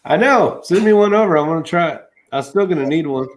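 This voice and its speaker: Guy hosting a live stream, a bit higher voice, welcomes everyone in. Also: lively intonation, fast talker, slight background noise, rough recording. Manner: friendly, reads chat comments aloud, welcomes callers.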